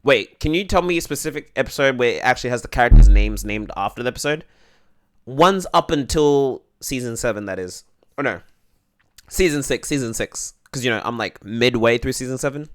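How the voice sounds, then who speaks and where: A man's voice: mid-range voice, expressive, a little fast. A young man streaming live, chatting casually with his viewers and answering their questions in a rambling way full of fillers.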